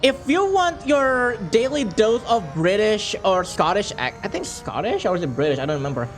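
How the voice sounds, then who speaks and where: A man's voice: high voice, sing-song, normal speed, soft background music. A man casually chatting to his chat while playing a racing game on a stream, jokey and a bit profane.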